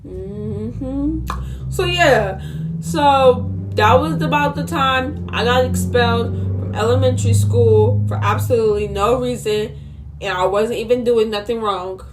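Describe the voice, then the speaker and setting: A young woman with a high voice tells a storytime vlog to her viewers. She is indignant and sassy, throwing quick asides straight at the audience. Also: background noise. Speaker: vlogger.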